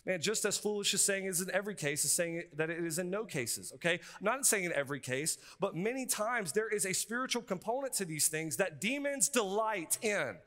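A male pastor, preaching a sermon in an energetic, conversational way with frequent asides. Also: high-pitched, a little fast, hardly any pauses. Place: seminary chapel. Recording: reverberant hall.

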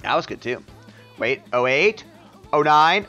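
A young man streaming a speedrun, chatting to his viewers in an excitable, jokey and self-mocking way. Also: on the high side, unhurried, muffled recording, soft background music. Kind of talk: live gameplay commentary to chat.

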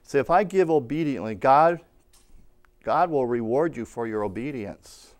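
A man preaching a sermon, telling a personal story and rising to loud calls of amen. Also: mid-range voice, animated, a little slow. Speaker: pastor.

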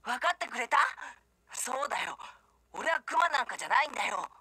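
A man's voice: extremely high pitch, sing-song, racing, pushed and bright, slightly rough, no echo, exaggerated voice. A man voicing a timid young boy who dreads cats, in a flustered, stammering game performance. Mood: cheerful. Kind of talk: Japanese game voice acting. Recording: dry studio recording.

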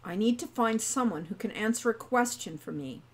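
A woman's voice: on the high side, lively intonation, moderate pace. A woman voicing a cold, sardonic, bookish young man. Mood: calm.

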